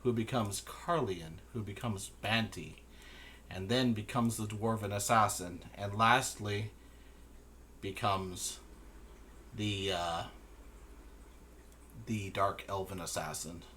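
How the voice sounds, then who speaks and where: A man narrating a tabletop game as game master in a slow, measured way. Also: on the low side, bright, forceful tone, slight background noise.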